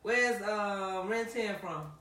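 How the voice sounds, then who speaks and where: A woman's voice: medium pitch, slow, sharp tone, reverberant, distant mic. A woman co-hosting a casual group podcast who laughs often and reads viewer comments aloud. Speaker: podcast co-host.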